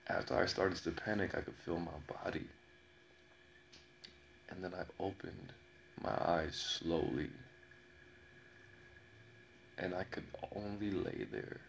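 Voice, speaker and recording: A man telling a personal story in a slow, dramatic way, repeating phrases and pausing often. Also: deep voice, gravelly, a little hiss or hum. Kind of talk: personal story told to camera.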